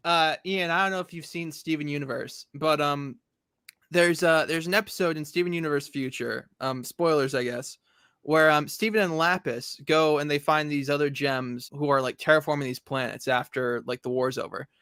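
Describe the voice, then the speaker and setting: A man hosting a casual comic chat, rambling, swearing, and retelling scenes in quick quoted voices. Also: on the high side, fairly even intonation, fairly bright tone, clear, resonant tone, no echo, studio quality. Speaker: podcast host.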